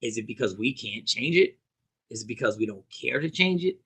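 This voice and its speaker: A man hosting a casual livestream, commenting on the news and reading viewers' comments aloud, animated and repetitive. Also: medium pitch, fairly quick, husky. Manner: animated, talks back to chat, repeats himself. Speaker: host.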